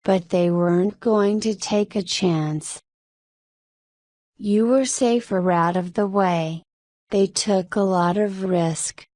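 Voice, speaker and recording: A woman reading a mystery story aloud in a measured way, voicing both narration and dialogue. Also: mid-range voice, a little mellow, no echo, clean studio sound. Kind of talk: scripted story reading for English learners.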